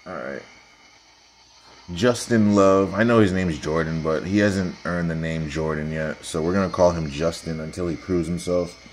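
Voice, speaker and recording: A young man casually breaking down football highlights for viewers, analytical and sarcastic, talking straight to the audience. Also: moderate pace, a little hiss or hum. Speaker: football video commentator.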